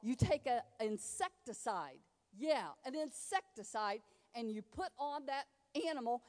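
A woman's voice: fairly high pitch, lively intonation, a little slow, darkish tone, long reverb tail. A woman pastor preaching a sermon in a church, emphatic and folksy, acting out quoted dialogue. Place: church sanctuary.

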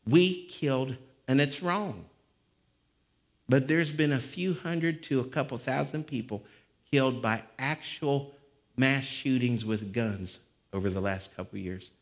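A male pastor preaching a sermon, swinging between conversational talk and sudden shouts. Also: mid-range voice, measured pace. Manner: fiery, shouting bursts between conversational stretches. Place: church. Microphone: live-streamed service mic.

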